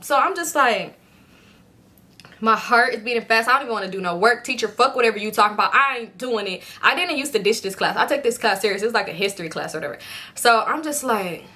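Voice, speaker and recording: Young woman, animated storyteller, vivid bright tone, acts out quotes. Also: on the high side. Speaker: storytime vlogger. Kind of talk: casual storytelling.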